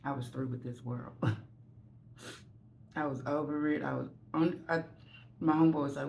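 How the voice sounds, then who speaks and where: A woman's voice: low voice, fairly even intonation, measured pace, vocal fry, long pauses, darkish tone, a little hiss or hum. A woman vlogger telling a candid, rambling story from home while getting ready. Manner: candid, rambling, self-deprecating.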